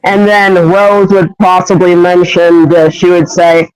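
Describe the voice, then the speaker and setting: A young man pitching a fan story, hesitant and rambling with many fillers. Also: little pitch movement, unhurried, hardly any pauses, smooth, no echo, poor audio. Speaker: fan voice actor.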